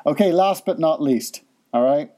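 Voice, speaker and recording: A man's voice: on the high side, animated, normal speed, dark tone. A man in his forties hosting a casual chat, quizzing and teasing in a playful, jokey way. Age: 40s. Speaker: podcast host and father.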